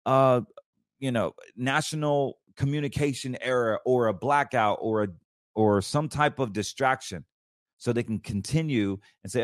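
A man's voice: medium pitch, lively intonation, normal speed, dry recording, studio quality. A man hosting his own show, talking about markets and faith in a fervent, preachy, rambling way with many restarts. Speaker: show host. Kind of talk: casual financial commentary.

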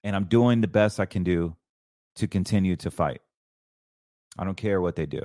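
Male show host, lower voice, fervent and preachy, dry recording. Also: moderate pace, long pauses, warm tone, dry recording. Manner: fervent, preachy, rambling with restarts. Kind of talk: casual financial commentary.

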